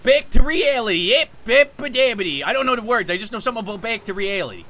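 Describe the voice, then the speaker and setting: A man's voice: sits high, lively intonation, very fast, bright, forceful tone. A man putting on the voice of Scout, a cocky young shooter-game runner, bragging and rambling in game voice chat. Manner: boastful, rambling, goofy. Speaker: streamer.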